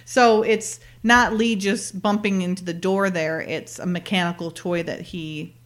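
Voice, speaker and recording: A woman's voice: fairly low pitch, steady tone, measured pace. Chatty woman recapping a TV episode. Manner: chatty, laughs often, retells scenes by quoting characters. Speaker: podcast co-host.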